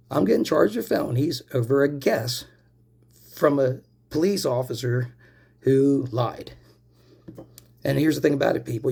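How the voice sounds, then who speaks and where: A man's voice: mid-range voice, gravelly, a little mellow, husky. A man in his forties ranting angrily to camera, swearing often and calling out to viewers as "people" while he smokes. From Pennsylvania, US. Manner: angry and profane, addresses viewers as "people"; smoking while talking. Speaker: vlogger. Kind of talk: angry personal rant to camera.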